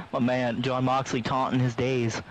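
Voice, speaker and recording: A man's voice: mid-range voice, background noise. A man casually commentating a wrestling video game with friends, with profane, laughing hype play-by-play. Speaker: gamer mock-commentating a wrestling match. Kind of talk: casual gaming banter.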